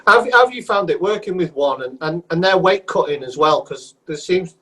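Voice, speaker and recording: Male host, higher voice, halting questions with restarts. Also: lively intonation, sharp tone, slightly rough. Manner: hesitant, repeats words when starting sentences. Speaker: podcast host. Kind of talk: casual interview questions.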